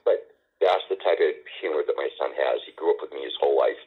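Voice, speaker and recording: Middle-aged male guest, extremely low and husky, halting wry storyteller, heard through a tinny phone line. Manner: halting, many restarts and fillers, wry humor. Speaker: interview guest. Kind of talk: casual storytelling conversation.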